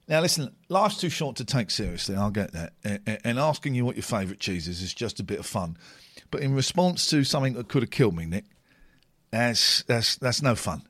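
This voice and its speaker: A man's voice: medium pitch, very animated, fairly quick, fairly bright tone. A British man in his forties, chatting casually and sardonically as he reacts to old clips of himself on a live stream. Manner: chatty, jokey, sardonic, rambling with repetitions.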